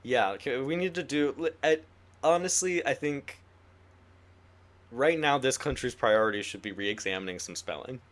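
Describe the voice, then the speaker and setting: A young adult man co-hosting a podcast in casual chat, animated and giggly, full of jokey rants. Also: mid-range voice, moderate pace. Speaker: podcast co-host.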